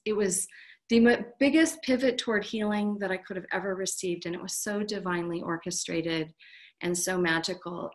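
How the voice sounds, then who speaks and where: A woman's voice: fairly low pitch, a bit bright. A middle-aged woman, a guest author, telling a personal story in an earnest, heartfelt way.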